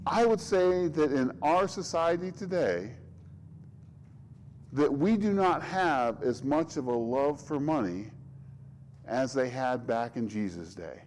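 A man's voice: medium pitch, lively intonation, slow pace, a little mellow, a little hiss or hum, rough recording. A middle-aged man, a pastor, delivering a conversational sermon with frequent restarts and rhetorical questions.

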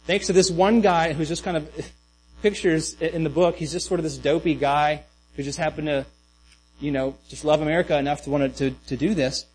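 A man's voice: a little high, steady tone, brisk, darkish tone, a little hiss or hum, poor audio. A man preaching a sermon in a loose, conversational way, with many restarts and asides. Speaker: pastor.

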